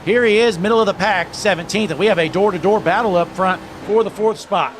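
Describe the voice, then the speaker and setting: A man calling an online sim race, giving play-by-play commentary that gets loud and excited at key moments. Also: sits high, fairly quick, slight background noise. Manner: excited, raising his voice at the green flag.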